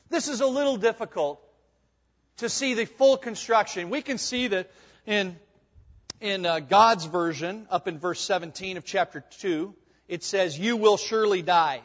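A male pastor preaching a sermon in a church sanctuary, swinging between hushed and emphatic delivery. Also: sits high. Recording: dull sound with long hall reverb.

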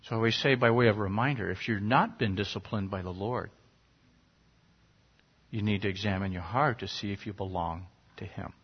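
A man's voice: fairly low pitch, normal speed, breathy edge. A middle-aged man preaching a sermon, earnest and conversational, sometimes rising sharply for emphasis. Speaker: pastor. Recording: dull lo-fi recording.

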